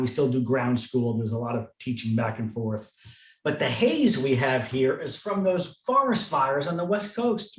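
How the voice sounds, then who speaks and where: A man co-hosting a podcast, telling stories in a dry, matter-of-fact conversational way. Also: medium pitch. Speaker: podcast co-host. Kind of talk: casual conversational chat. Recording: roomy sound, distant from the mic.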